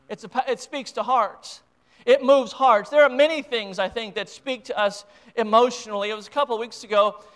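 A man's voice: high-pitched, a bit bright, smooth. An American man preaching a sermon as pastor, impassioned and emotional, with frequent restarts and repeated words.

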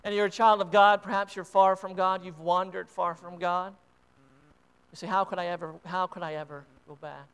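High-voiced fervent male preacher. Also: a bit bright. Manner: fervent preaching, swelling and dropping in volume. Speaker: pastor. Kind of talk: sermon. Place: church sanctuary. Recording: long church reverb.

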